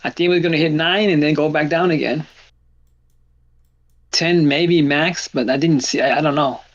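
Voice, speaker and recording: A man hosts a live trading stream and chats casually, retelling his own mistakes with many restarts. His voice sits on the higher side, and the sound is dull and lo-fi. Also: moderate pace. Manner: animated storytelling with lots of restarts. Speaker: stream host.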